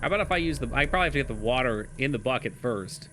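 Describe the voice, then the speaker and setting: A man's voice: medium pitch, expressive, racing, a bit bright, slight background noise. A young man streaming a game live, chatting casually with his chat, swearing and laughing often.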